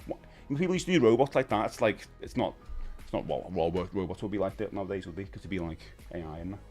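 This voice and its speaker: A man's voice: deep voice, animated, fast talker, a little mellow, soft background music. A man, hosting a casual live stream and chatting with viewers in a rambling, friendly way. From United Kingdom. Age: 50s. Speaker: livestream host.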